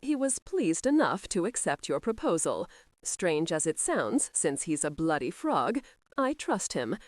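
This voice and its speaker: A woman narrator voicing a blunt, gruff male conspirator who talks in a matter-of-fact way. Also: lowish voice, big pitch swings, a little slow, dry recording.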